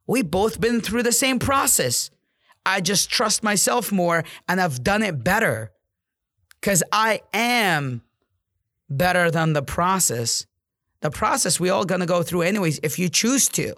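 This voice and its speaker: A man's voice: high voice, bright, forceful tone, no room sound, clean studio sound. A man in real estate giving an intense, profane motivational monologue, repeating himself for emphasis.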